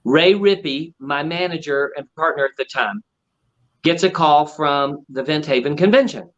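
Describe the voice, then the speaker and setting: A man's voice: fairly high pitch, moderate pace. A man, a ventriloquist, telling stories in a casual interview and acting out the people he quotes. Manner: animated storyteller acting out quotes. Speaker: ventriloquist guest. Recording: dull lo-fi audio.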